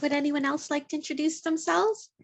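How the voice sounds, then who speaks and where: A woman's voice: sits high, steady tone, fairly quick, gravelly. A woman co-hosting a group video call, inviting others to introduce themselves. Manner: friendly, inviting. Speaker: group co-host.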